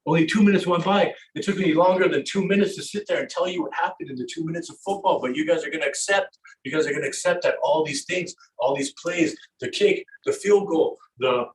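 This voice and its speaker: Animated man lecturing in an echoey hall. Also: on the high side, a little fast. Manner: conversational, keeps asking "right?", retells a game excitedly. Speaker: lecturer at a religious gathering. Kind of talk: animated religious lecture with storytelling. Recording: echoey hall, mic at a distance.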